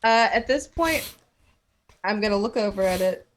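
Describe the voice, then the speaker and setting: A woman's voice: medium pitch, lively intonation, normal speed. A woman playing in a live tabletop game, talking in a dry, wry way. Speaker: player. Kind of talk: casual chat during a live tabletop game.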